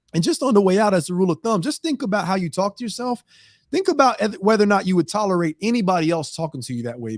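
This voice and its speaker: Guy doing a punchy motivational talk show bit, kinda high voice, dry close sound. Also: dry recording. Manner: earnest, emphatic, plain-spoken. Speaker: talk show segment host.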